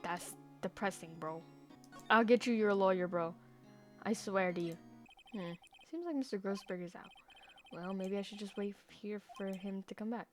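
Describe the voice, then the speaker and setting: A woman's voice: medium pitch, normal speed, soft background music. A woman playing through a game, reading the hero's lines and commenting playfully. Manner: playful, voices all the parts. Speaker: game streamer. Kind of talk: voice-acting a game playthrough.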